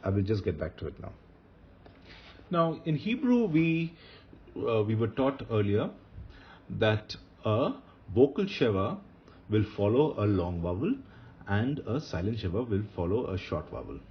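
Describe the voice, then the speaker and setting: A man's voice: fairly low pitch, big pitch swings, measured pace, pauses often. A man teaching Hebrew grammar in a recorded lecture, patiently repeating key rules and asking his listeners rhetorical questions. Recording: dull lo-fi recording.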